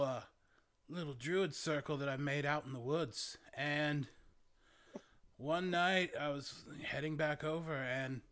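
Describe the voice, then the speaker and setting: A man's voice: a little high, fairly bright tone. A man voicing a laid-back young male druid hermit who rambles and hesitates, full of "like" and "man". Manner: rambling, halting, lots of "like" and "man". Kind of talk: in-character tabletop role-play.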